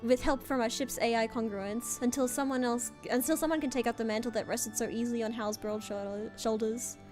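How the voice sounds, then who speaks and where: A woman voicing a calm female colony governor, reading her formal festival speech from a game. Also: on the high side, a little fast, faint music behind, lightly acted. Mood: solemn.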